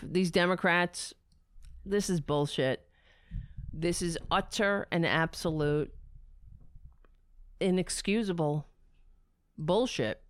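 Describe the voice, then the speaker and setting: A woman's voice: lowish voice, dry recording, clean studio sound. Angry, profane political ranter woman. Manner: angry, profane, sarcastic ranting; talks softly in a baby voice to her cat. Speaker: political commentator. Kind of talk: ranting political commentary.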